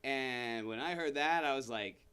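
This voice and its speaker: A young man performing a stand-up comedy set, rambling and self-interrupting, bursting into shouted character bits. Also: medium pitch, measured pace, clean tone. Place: comedy room with live audience.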